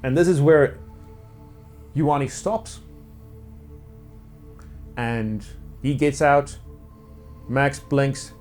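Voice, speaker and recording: A man's voice: mid-range voice, drawn-out words, pauses often, a little mellow, faint music behind. A man narrating as game master in a casual, rambling way with many fillers. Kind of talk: narrating a tabletop role-play.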